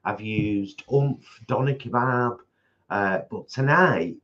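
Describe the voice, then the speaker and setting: A man's voice: medium pitch, slow pace, fairly bright tone, lo-fi sound. A man co-hosting a casual live food chat from his home kitchen, rambling and restarting his sentences. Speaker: co-host of a vegan food channel.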